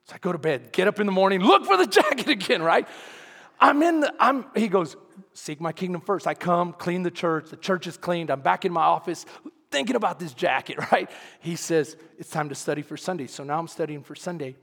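A man preaching a sermon, telling a story with acted-out dialogue, laughing often and swinging from quiet to loud. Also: sits high, sing-song, fairly quick, creaky. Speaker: pastor. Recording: long hall reverb.

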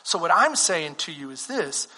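A man's voice: fairly high pitch, sing-song, moderate pace, pushed and bright, slightly rough, big-room sound. A male pastor preaching a sermon with fervor, driving points home with emphatic rhetorical questions.

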